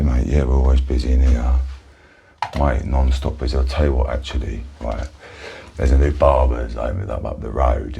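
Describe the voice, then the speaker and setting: A Cockney man speaks in a whispered role-play as a friendly barber. His voice is very deep, gravelly and deeply husky. He stays soft-spoken and chatty throughout. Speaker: barber in ASMR roleplay.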